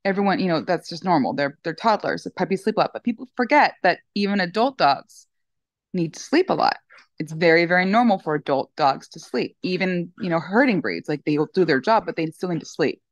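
A woman's voice: fairly low pitch, fairly quick, no room sound. Chatty middle-aged woman rambling about her dogs, dry close sound. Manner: chatty, animated storytelling with many fillers. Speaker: dog owner guest. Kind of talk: casual interview chat.

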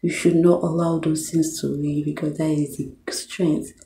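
Low-voiced woman giving a devotional talk. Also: flat delivery, a little slow, mellow. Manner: exhorting, addresses listeners as beloved. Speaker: Bible study teacher. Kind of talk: devotional Bible teaching. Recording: echoey room with faint hiss.

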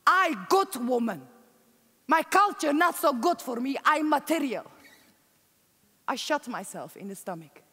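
Woman acting as a immigrant wife, broken English, slow, higher voice, hall echo. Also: lively intonation, sharp tone, full character voice. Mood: grim. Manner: broken English, plain storytelling. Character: Turkish immigrant woman recounting her marriage. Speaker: stage performer. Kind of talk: theatrical monologue. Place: large conference hall. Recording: long reverb of a conference hall.

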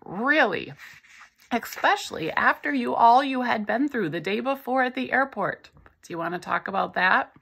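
A woman's voice: fairly high pitch, animated, normal speed, vocal fry, a bit bright, slightly rough, pitched above the performer's own voice, exaggerated voice. A woman playing an earnest, encouraging young aide. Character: warm encouraging young female classroom aide.

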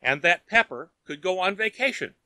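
A reserved older father answers in short, guarded words, as a man reading the story puts him on. The tone is bright and close to the mic, with a dry sound. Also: high-pitched, expressive, normal speed, no room sound, voice pushed up, exaggerated voice. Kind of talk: audiobook character reading.

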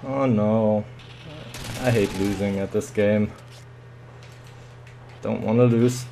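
A man's voice: medium pitch, measured pace, long pauses, a little mellow. A man commentating his own shooter match live, muttering and swearing with sudden yelps.

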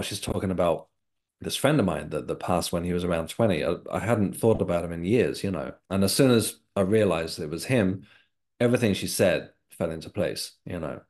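An English man with a deep, darkish voice appears as an interview guest; he is an author and a developing medium. He tells a personal story reflectively and sincerely.

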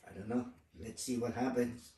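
A man's voice: medium pitch, little pitch movement, normal speed, dark tone, distant mic. A man helping a child with an experiment at home, patiently prompting with quiz questions in casual talk. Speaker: parent helping with a kids' experiment. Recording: roomy, off-mic, faint noise.

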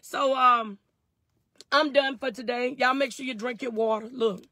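A woman's voice: on the high side, steady tone, unhurried, sharp tone, no echo. A woman fervently on a phone live stream from her parked truck, answering viewers' comments in call-and-response. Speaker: faith and wellness livestream host.

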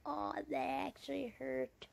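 A woman's voice: sits high, little pitch movement, slow pace, creaky. A woman giving casual let's-play commentary, narrating her own moves and chatting to her viewers. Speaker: gaming channel creator.

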